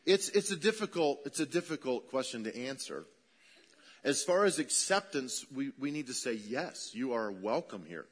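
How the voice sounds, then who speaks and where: Animated middle-aged male pastor preaching. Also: mid-range voice, normal speed, breathy edge. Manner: animated preacher, acts out quoted voices, voice rising and dropping. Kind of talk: sermon.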